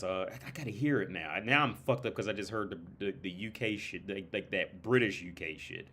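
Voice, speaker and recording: Rambling, profane man with a low, lively voice. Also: normal speed. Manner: rambling, profane, lots of fillers and restarts; imitates British and Irish accents. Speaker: livestream host. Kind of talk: casual livestream chat.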